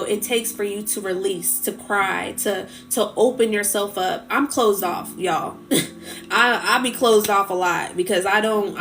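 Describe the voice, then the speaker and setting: A woman hosting a spiritual livestream, speaking in a heartfelt, rambling way full of fillers, getting tearful as she talks about healing. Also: medium pitch. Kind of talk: emotional casual livestream talk.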